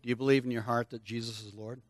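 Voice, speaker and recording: A man's voice: mid-range voice, fast, no echo. An older man preaching to children in a church service, coaxing them to join in and answer aloud. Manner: lively, coaxing, speaks straight to children. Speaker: preacher leading a children's lesson. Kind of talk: sermon with audience participation.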